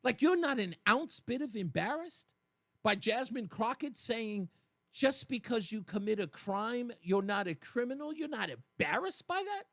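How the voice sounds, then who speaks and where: Animated high-voiced male radio host. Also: moderate pace, no room sound. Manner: animated, acts out quoted voices. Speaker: radio talk show host. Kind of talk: talk radio commentary.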